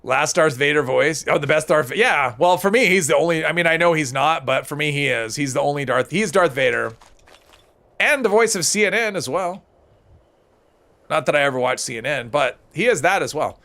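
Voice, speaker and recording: A man talks through a game on a live stream, rambling to his chat and often correcting himself mid-thought. His voice sits a bit high for a man, with a gravelly rasp. His pitch swings up and down a lot. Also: lively intonation, normal speed, sharp tone. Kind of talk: casual gameplay commentary while reading chat.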